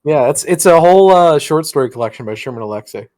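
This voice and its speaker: A man's voice: on the high side, expressive, quick pace, a little mellow. A man co-hosting a podcast in casual chat, joking and laughing often. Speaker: podcast co-host.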